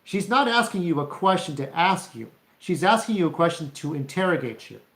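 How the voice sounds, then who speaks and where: A man's voice: on the high side, expressive, brisk, vocal fry, a bit bright. A man in his forties speaking in a blunt, profane vlog rant indoors, often restarting his sentences. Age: 40s. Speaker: vlogger. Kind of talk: ranting vlog monologue. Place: indoor room. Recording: roomy echo.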